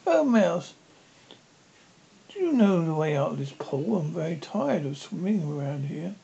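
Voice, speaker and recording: A reader giving a polite, curious young girl a lifted voice in a halting storybook reading. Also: medium pitch, very animated, gravelly, warm tone, heavily acted. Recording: dull lo-fi with faint noise.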